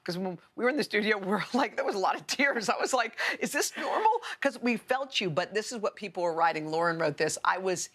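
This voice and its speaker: A woman's voice: medium pitch, animated, fast, hardly any pauses, fairly bright tone. A woman co-hosting a TV morning show in the studio, chatting in a bubbly way and reading out viewer comments. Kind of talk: casual on-air chat.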